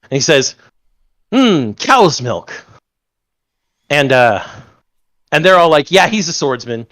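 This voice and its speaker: A man's voice: a little high, lively intonation, moderate pace, a bit bright. A man in a casual podcast chat, recounting anime scenes at length with fillers and restarts.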